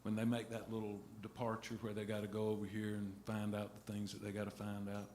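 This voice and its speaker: A middle-aged man telling a halting, rambling story between songs at a live concert, restarting his sentences often. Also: lowish voice, completely flat delivery, darkish tone, slight background noise. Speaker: singer-songwriter on stage. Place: music venue stage. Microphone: stage vocal mic. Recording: roomy live venue sound.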